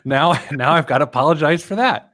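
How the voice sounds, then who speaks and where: A man's voice: on the high side, a little fast, fairly bright tone, no room sound, studio quality. A middle-aged man co-hosting a podcast, chatting in a jokey, self-mocking way and often breaking into laughter. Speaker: podcast co-host. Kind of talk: casual chat and read-out segment.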